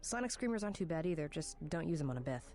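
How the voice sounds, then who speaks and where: A woman voicing a brash, teasing young bounty hunter who talks in a casual, quick-witted way. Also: sits low, sing-song. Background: game music.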